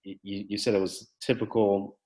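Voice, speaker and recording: A man with a fairly low voice hosts the interview, asking long, winding questions. He stops and restarts often, filling the gaps with "um" and "you know.". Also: little pitch movement, normal speed, dark tone. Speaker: podcast host and former therapist.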